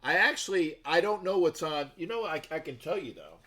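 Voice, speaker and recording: A man with a somewhat high speaking voice hosts a sports show livestream. He talks loosely to his viewers and rambles from story to story. He often restarts his sentences and breaks off into asides. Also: animated, fairly quick, bright, forceful tone. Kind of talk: casual rambling livestream chat.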